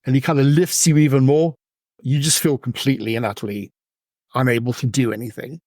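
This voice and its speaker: A man runs a tabletop game in a chatty, easygoing way, often breaking into laughter. His voice is mid-pitched and recorded close and dry. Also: steady tone, fairly quick, darkish tone, dry recording. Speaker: game master.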